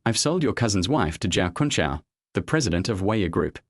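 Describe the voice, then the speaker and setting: A man's voice: lowish voice, sing-song, moderate pace. A man voicing a scheming, contemptuous young man in a narrated web comic recap, taunting and sneering.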